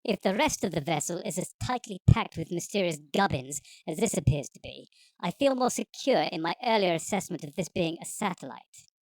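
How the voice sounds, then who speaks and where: Voice actor as a knowing, wordy male alien time traveller; pitch-shifted up, dry booth sound, audiobook. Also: lively intonation, a little fast, a little mellow, no room sound, poor audio. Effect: pitch-shifted higher. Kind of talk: audiobook character voice.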